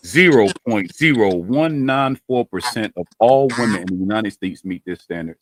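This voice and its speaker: A man's voice: on the low side, lively intonation, normal speed, no echo. A man hosting a podcast, running a playful dating quiz with friends over a video call, teasing and using loose slang. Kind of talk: casual group chat on a video call.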